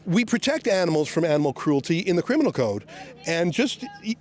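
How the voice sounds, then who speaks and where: A man reporting on location outdoors, sarcastically shouting questions at police officers. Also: fairly high pitch, very animated, a little fast. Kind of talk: on-the-scene questioning.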